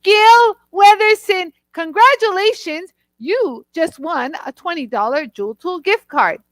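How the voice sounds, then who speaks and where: A woman hosting a live product show, chatting warmly and talking straight to viewers in the chat. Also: very high voice, animated, a little slow, dry recording.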